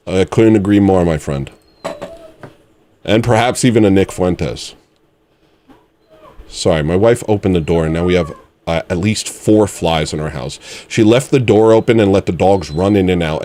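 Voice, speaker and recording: Man, 40s, livestream host; low voice, rambling musings with a mock-serious edge. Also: mellow. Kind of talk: casual livestream chat.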